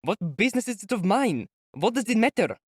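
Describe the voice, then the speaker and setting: In an audiobook reading, a man voices an earnest young police clerk who grows flustered, pitching his voice above its natural register to a fairly high, expressive tone. He reads a little slowly, and the recording is dry with clean studio sound.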